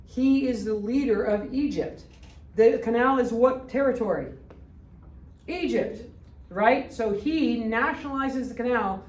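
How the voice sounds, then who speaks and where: A woman's voice: on the high side, a little mellow. A woman, giving a blunt, quizzing history lecture to a classroom. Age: 60s. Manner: blunt, quizzing students with rapid questions. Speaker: history teacher. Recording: echoey room, distant mic.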